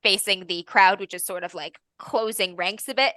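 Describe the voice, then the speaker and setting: A woman narrating a tabletop game as game master, descriptive and quick to laugh. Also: mid-range voice, pushed and bright, no room sound.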